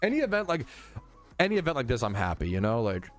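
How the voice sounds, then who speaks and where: A man's voice: mid-range voice, sing-song, quick pace. A young man streaming a game, chatting casually, swearing freely and reading out chat messages. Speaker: gaming streamer. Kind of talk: casual livestream commentary.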